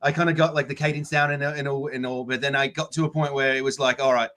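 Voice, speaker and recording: A man's voice: mid-range voice, flat delivery, fast, sharp tone. A man co-hosting a casual chat, rambling with many restarts. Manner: rambling, restarts, laughs easily. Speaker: podcast co-host.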